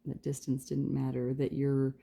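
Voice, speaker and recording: Casting: woman tarot reader with a very deep, dark voice and a rambling, chatty delivery. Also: monotone, normal speed, gravelly. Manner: rambling, chatty, trails off with fillers and soft laughs; speaks softly and quietly at times. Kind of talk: casual pick-a-card tarot reading.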